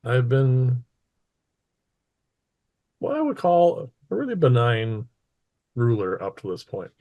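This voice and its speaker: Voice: mid-range voice, big pitch swings, narrow, tinny audio. A man voicing a menacing tyrant queen. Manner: smug, menacing, slow and deliberate. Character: cold, scheming female ruler who threatens townsfolk.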